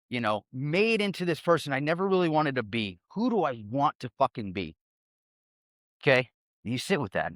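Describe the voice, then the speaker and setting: A man's voice: medium pitch, fairly bright tone, dry recording, studio quality. A man giving a casual motivational monologue, profane and emphatic, rambling with many fillers. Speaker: self-help speaker.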